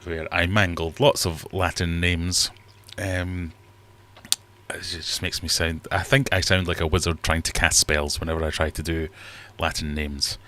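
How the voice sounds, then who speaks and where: A man's voice: deep voice, little pitch movement, unhurried, sharp tone. A man hosting a casual livestream from his fish room, rambling and self-deprecating as he reads chat aloud. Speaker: livestream host.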